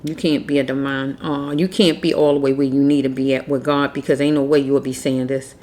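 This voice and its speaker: A woman's voice: a bass voice, level tone, fairly quick, a little mellow. A woman giving a casual tarot reading, blunt and preachy, repeating herself as she scolds. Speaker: tarot reader.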